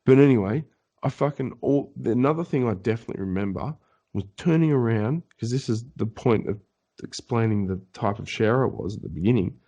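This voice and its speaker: On a podcast, a male co-host with a mid-range voice talks a little fast while telling a story casually. He's animated and swears a lot, doing the voices of the people involved, and the sound is lo-fi.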